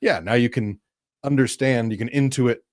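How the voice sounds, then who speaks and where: A man's voice: medium pitch, normal speed, darkish tone, dry recording, clean studio sound. A man co-hosting a casual religious conversation, chatty with frequent laughs and fillers. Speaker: podcast co-host.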